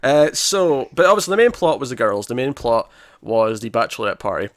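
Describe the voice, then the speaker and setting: Man, middle pitch, dry sound, lively podcast chat. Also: brisk, no echo. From Scotland. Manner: animated, acts out lines from scenes. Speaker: podcast co-host. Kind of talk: casual chat.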